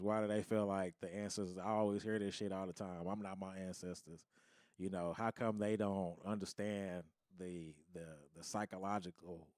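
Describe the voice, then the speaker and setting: A man's voice: low-pitched, no echo, clean studio sound. A man on a casual podcast, asking blunt, probing questions and swearing freely. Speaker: podcast co-host.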